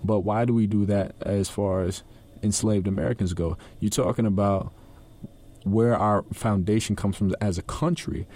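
Earnest, impassioned low-voiced man. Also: steady tone, moderate pace, darkish tone. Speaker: actor, interview guest. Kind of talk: conversational interview.

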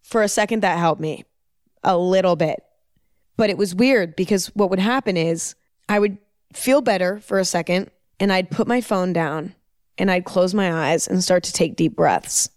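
A woman's voice: lowish voice, no echo, clean studio sound. A young woman hosting a podcast, telling a personal story in a casual, emphatic way and repeating words for stress. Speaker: podcast host.

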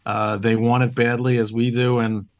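A man's voice: medium pitch, level tone, normal speed, no echo. A man being interviewed as a team owner, speaking with earnest enthusiasm and filling his sentences with "uh" and restarts. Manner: upbeat and earnest, with many "uh" fillers and restarts. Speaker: team owner, podcast guest. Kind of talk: casual interview conversation.

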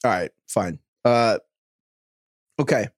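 A man co-hosting a podcast, chatting casually and rambling with quick asides. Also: fairly low pitch, no room sound, clean studio sound. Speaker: podcast co-host. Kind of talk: casual sports chat.

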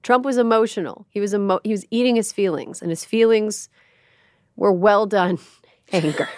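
A woman hosting a podcast in casual chat, wry and emphatic with quick asides. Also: mid-range voice, darkish tone, no echo, clean studio sound. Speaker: podcast host.

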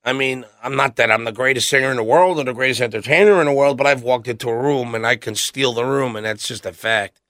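A man's voice: mid-range voice, fast, a bit bright, no room sound, clean studio sound. A middle-aged man, a guest on a podcast, telling rambling, blunt stories and acting out what others said. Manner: blunt, rambling anecdotes with acted-out quotes. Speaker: podcast guest, metal singer. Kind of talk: casual storytelling interview.

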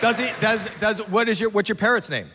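An older man doing stand-up crowd work at a comedy club, loud and incredulous, shouting at an audience member. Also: high-pitched, brisk. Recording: reverberant club, crowd noise. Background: laughing crowd.

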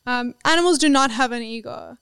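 A woman's voice: fairly high pitch, a little fast, a bit bright, clear, resonant tone, dry recording. A woman pet psychic speaking as a podcast guest, earnest and reassuring, with frequent restarts. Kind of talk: casual podcast conversation.

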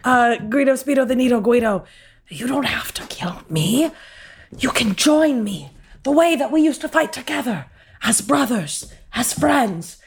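A woman's voice: on the high side, expressive, moderate pace, slight background noise. A woman voicing her adventurer character, earnestly pleading with old friends.

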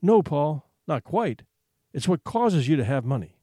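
A man voicing a bitter, weary mother, answering slowly with a raised, lively pitch. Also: husky, dry recording, clean studio sound, full character voice. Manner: slow, bitter, sighing replies. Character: bitter, weary adult mother worried about money.

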